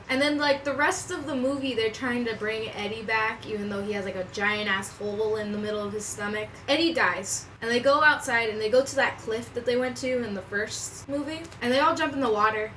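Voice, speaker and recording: Young woman ranting about a movie, high bright voice, kinda far from the mic with some hiss. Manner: profane, animated, slangy storytelling. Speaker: vlogger. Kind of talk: casual storytime chat. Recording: voice a bit off-mic with faint room noise.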